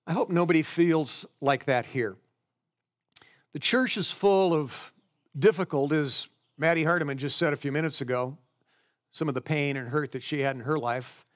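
Higher-voiced man preaching conversationally. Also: normal speed. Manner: conversational, explains scripture verse by verse. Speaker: pastor. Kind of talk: sermon.

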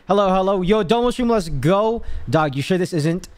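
A man's voice: high voice, normal speed. A young man streaming, chatting casually with his viewers, swearing and ranting in exasperation. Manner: animated, swearing, exasperated rants. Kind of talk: casual livestream chat.

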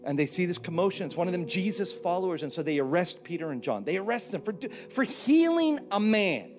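Animated pastor preaching. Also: male voice, sits high, brisk, soft background music. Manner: animated, joking, acts out quotes in put-on voices. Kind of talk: sermon. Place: church stage.

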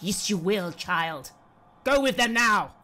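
A man's voice: medium pitch, steady tone, a little slow, lightly acted. A man voicing an old male vampire hunter who gives stern, urgent commands. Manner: urgent shouting.

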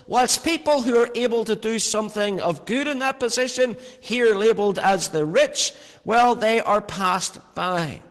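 Male preacher, high voice, earnest storyteller, long hall reverb. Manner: earnest, storytelling, varied emphasis. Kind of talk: sermon with personal story.

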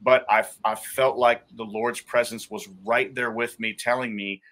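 A man's voice: medium pitch, steady tone, a little slow, a bit bright. A man who is a guest in a faith interview, telling his personal testimony in a heartfelt way. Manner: heartfelt storytelling.

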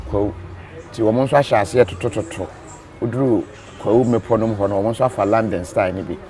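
A man's voice: lowish voice, darkish tone. A man with a Ghanaian accent hosting a live stream, reading viewer comments and joking, switching between Twi and English. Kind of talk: casual chat.

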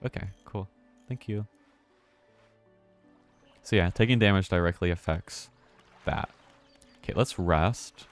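A man's voice: deep voice, unhurried, long pauses, faint music behind. A man streaming a game live, commenting casually, muttering to himself and swearing when startled.

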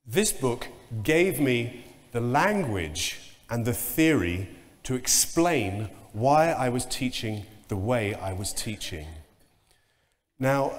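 A man giving a conference keynote talk, telling anecdotes in an animated way and mimicking sounds and voices. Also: medium pitch. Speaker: keynote speaker. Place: large conference hall. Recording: long reverb of a conference hall.

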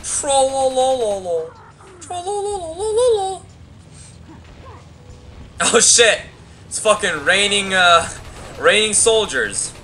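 A young man riffs through a game playthrough in a lively, swooping voice, his tone bright and a touch high. He rambles, swears constantly and trash-talks with crude relish while faint game music plays underneath. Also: slow, a little hiss or hum. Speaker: gameplay commentator. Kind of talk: let's play commentary.

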